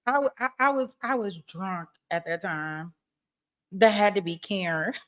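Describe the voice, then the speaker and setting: A woman's voice: mid-range voice, animated, measured pace, fairly bright tone. A woman playing a defensive woman on trial who rambles through pleading excuses.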